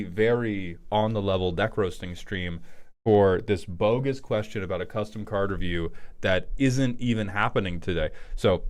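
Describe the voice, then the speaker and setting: A man hosting a live stream, chatting casually with joking, profane, rambling tangents. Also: fairly low pitch. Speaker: streamer host.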